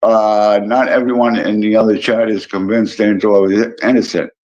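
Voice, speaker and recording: Reading comments on a relaxed livestream, an Illinois man greets his viewers by name and teases them a bit. His pitch is fairly low and slightly mellow, with a flat delivery at normal speed, captured in dull lo-fi sound.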